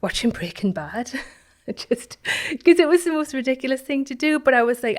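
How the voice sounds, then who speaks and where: A woman, a guest telling a personal story in an interview, reflective and halting, with many restarts and phrases that trail off softly. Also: high-pitched, sing-song. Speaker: guest, founder of an online business community.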